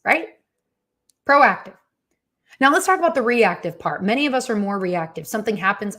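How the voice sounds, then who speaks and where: Expressive woman giving a motivational talk. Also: a little high, fairly quick. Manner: expressive, conversational storytelling with quoted asides. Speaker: motivational speaker. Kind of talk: motivational talk with personal story.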